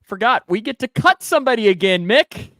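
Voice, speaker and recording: A man with a fairly high voice co-hosts a casual sports podcast. He is playful and animated, with his pitch leaping up when he makes a point. The recording is dry and close. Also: brisk, dry recording. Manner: animated, jokey, pitch jumps up when excited. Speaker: podcast co-host.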